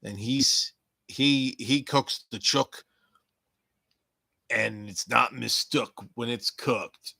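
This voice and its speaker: A man's voice: medium pitch, drawn-out words, gravelly, pauses often, pushed and bright, no room sound, full character voice. A man putting on a silly accent and playing a bloke who spouts rhyming nonsense. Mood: mock-confident.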